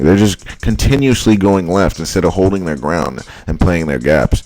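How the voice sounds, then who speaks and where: A man breaking down football highlights in casual commentary, blunt and exasperated, repeating his points. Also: moderate pace, darkish tone. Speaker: football film analyst.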